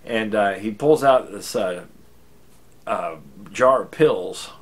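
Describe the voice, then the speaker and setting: American man, low voice, wry self-deprecating storytelling, casual. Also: takes it slowly. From United States. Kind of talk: comic personal storytelling.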